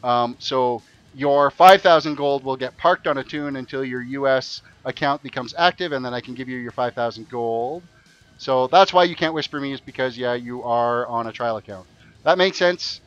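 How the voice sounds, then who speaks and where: A man's voice: medium pitch, moderate pace, fairly bright tone, smooth, no echo, lo-fi sound, soft background music. Chatty man streaming a game. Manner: chatty, eagerly repeats instructions to players. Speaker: game streamer running a race event. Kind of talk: casual live-stream commentary.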